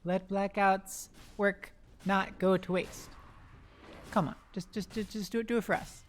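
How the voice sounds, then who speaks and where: An esports caster giving live play-by-play commentary, rapid-fire and excitable, breaking into loud exclamations and talking to the players on screen. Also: medium pitch, a little hiss or hum. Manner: talks to the players on screen, self-deprecating asides.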